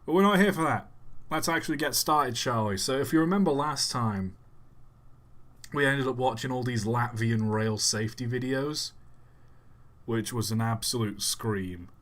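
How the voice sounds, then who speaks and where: A man's voice: mid-range voice, normal speed, a bit bright. A man hosting a live stream in a casual, chatty way, reading out viewers' messages and answering them offhandedly.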